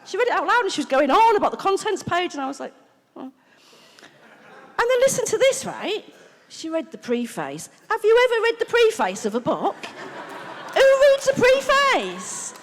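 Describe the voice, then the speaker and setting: A middle-aged woman from the UK, giving a frank, animated recovery testimony as main speaker, laughing, swearing and acting out what people said. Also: very high-pitched, brisk. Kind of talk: personal recovery testimony told as a story. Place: convention hall. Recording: live talk in a reverberant hall.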